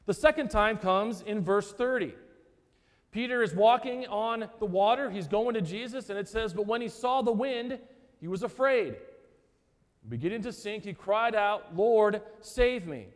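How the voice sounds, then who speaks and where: A man preaching a sermon as pastor, earnest and emphatic, often repeating words and pausing for effect. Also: high voice. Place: church sanctuary. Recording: church hall with long reverb.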